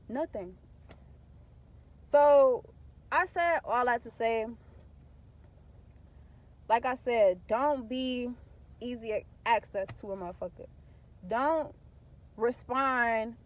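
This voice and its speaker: Blunt, profane young woman venting. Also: on the high side. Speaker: vlogger. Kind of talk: candid talk to camera.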